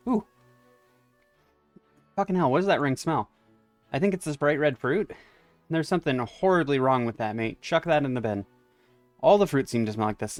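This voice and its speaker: A man's voice: fairly high pitch, no echo. Chatty man doing let's-play commentary. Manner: casual and chatty, with wry asides. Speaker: game streamer.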